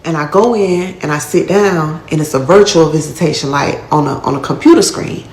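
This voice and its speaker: A woman with a deep, slightly mellow voice speaks fairly quickly in an echoey room, recounting her own life story. Her casual storytelling is blunt, profane street talk, and she acts out what people said to her.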